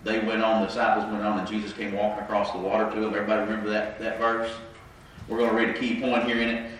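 A man's voice: fairly low pitch, monotone, fast, fairly bright tone, slight background noise. A man preaching an interactive sermon, conversational and questioning the congregation, with a congested voice from his sinuses. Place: church sanctuary. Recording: echoey room mic from a distance.

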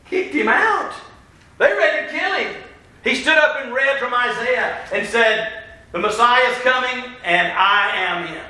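A high, bright-voiced man preaches to his congregation with animated energy. He acts out the people he quotes as he goes. His voice rings around a large, echoey church. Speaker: pastor. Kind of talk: sermon. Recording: roomy church echo.

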